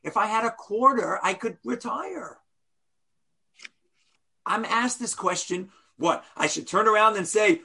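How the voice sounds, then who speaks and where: Lively high-voiced rabbi teaching. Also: male voice, measured pace, vocal fry, pauses often, slightly rough. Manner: animated, rhetorical questions, playful asides. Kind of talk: teaching a class.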